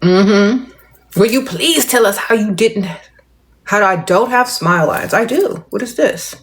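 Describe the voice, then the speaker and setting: Chatting with viewers on her casual livestream, a middle-aged woman responds to comments in a playful, measured, restrained drawl, barely moving her mouth and addressing folks as "darling" and "y'all." Her voice is mid-range.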